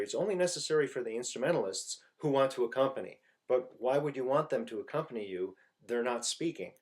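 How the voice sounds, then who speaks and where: A man giving an informal singing lesson, explaining slowly and haltingly and breaking into loud sung phrases to demonstrate. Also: medium pitch. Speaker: voice teacher.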